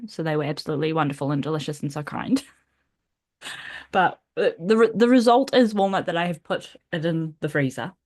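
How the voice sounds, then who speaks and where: A woman, hosting a podcast as a casual personal monologue, rambling and self-deprecating, with frequent laughs and restarts. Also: mid-range voice. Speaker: podcast host.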